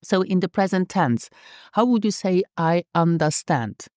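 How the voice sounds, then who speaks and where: A woman's voice: fairly low pitch, expressive, unhurried, darkish tone, dry recording, studio quality. A woman teaching a podcast language lesson, speaking carefully and repeating phrases for learners.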